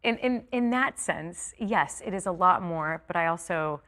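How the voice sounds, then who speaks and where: A woman from California, a stage actress, chatting as an interview guest, tired and quick with many fillers and restarts. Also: fairly low pitch, animated, a bit bright. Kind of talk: casual interview chat.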